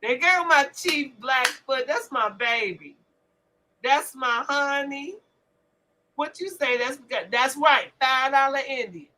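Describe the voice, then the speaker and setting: A woman hosting a podcast, chatting loudly with lots of laughter and profanity. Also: high voice, slow, rough recording. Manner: loud, laughing, profane banter. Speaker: podcast host. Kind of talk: casual chat.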